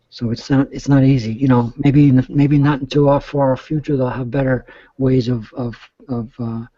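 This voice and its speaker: Casting note: middle-aged male guest, rambling and mellow, dry lo-fi audio. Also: mid-range voice, no room sound. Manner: rambling, with many restarts. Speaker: guest caller. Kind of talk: casual chat. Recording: dull, dry lo-fi sound.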